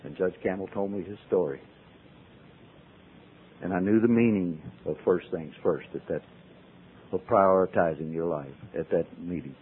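A man tells his recovery story to a meeting in a folksy way, swinging from loud to hushed. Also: deep voice, normal speed, long pauses, a little hiss or hum. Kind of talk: personal storytelling talk. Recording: tinny phone-like old tape.

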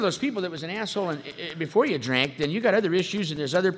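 A man's voice: high voice, lively intonation, rapid-fire. A man from California's San Fernando Valley, sharing his life story at a recovery meeting with wisecracks and acted-out voices. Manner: wisecracking, acts out quoted voices. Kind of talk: humorous personal storytelling. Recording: reverberant hall, faint background noise.

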